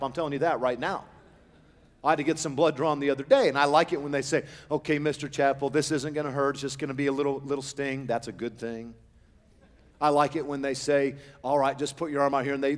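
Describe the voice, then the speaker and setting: A man, the pastor, preaching a sermon in a church sanctuary on a pulpit microphone, animated, with humorous asides. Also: fairly high pitch. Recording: long church-hall reverb.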